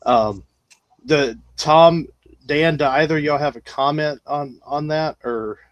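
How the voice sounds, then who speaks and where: A man hosting a racing podcast, speaking haltingly with frequent fillers. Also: a little high, dry recording, lo-fi sound. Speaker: podcast host. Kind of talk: casual chat.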